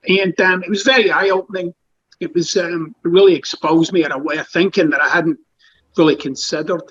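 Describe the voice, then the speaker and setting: A man's voice: a little high, fairly even intonation, fairly quick, a bit bright, lo-fi sound, a little hiss or hum. A Scottish man guest, an author and coach, telling his story bluntly and casually, with some swearing. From Scotland. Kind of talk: relaxed interview storytelling.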